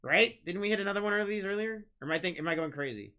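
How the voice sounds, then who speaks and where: A man hosting a live-streamed trading card break, rattling off pulled cards, shouting out big hits and bantering with chat. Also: high voice, expressive, smooth. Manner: rapid-fire calling of card names, shouting big hits; chatty, teasing banter with chat.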